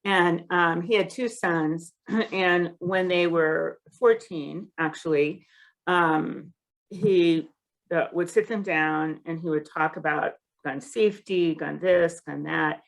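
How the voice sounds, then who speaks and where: A woman with a low, gravelly voice co-hosts a podcast discussion. She talks thoughtfully and hesitantly, searching for words with frequent fillers. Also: fairly even intonation, takes it slowly.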